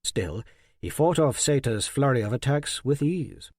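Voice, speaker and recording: A man narrating a fantasy audiobook in a measured, even way. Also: medium pitch, husky, dry recording, studio quality.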